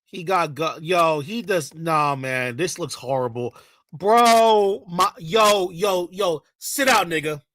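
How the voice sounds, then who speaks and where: A man's voice: a little high, slow pace, fairly bright tone, no room sound, low-quality recording. A man ranting in a heated, profane reaction commentary, full of mocking and sarcastic asides.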